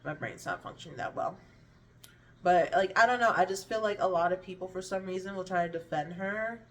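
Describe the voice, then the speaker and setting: A woman's voice: on the low side, expressive, a little fast, far from the mic. A woman speaking candidly to camera, her thoughts meandering and often trailing off before she restarts them. Her speech is a little slurred from hunger, with frequent swearing, and she sits somewhat back from the microphone. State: hungry, slurring words a little. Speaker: vlogger. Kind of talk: candid personal storytelling to camera.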